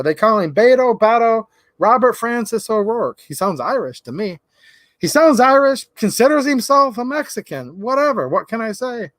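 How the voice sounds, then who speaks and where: A man's voice: high voice, a bit bright, dry recording. A man hosting a casual livestream, rambling and opinionated, talking straight to his viewers from a close desk mic. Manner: rambling, opinionated, talks to chat. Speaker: livestream host.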